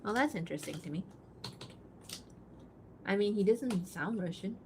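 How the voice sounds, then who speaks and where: A woman talking casually to her stream chat as she draws, answering viewers' messages aloud. She rambles, thinks out loud and laughs often, in an ordinary mid-range voice. There is a faint noise underneath. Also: mid-range voice, expressive, normal speed. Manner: chatty, giggles often, thinks aloud with fillers. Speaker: livestreaming artist.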